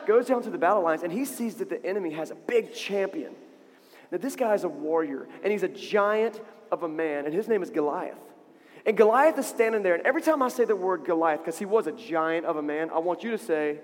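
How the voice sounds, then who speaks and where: A man's voice: high-pitched, animated, fairly quick. A man leading an interactive, playful call-and-response story for a young church audience. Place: church stage with big speakers. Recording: reverberant hall over loudspeakers.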